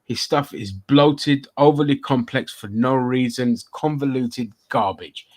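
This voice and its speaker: A man's voice: medium pitch, a little slow. A man hosting a casual chat show, blunt and profane, ranting at length about games and comics. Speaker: podcast host.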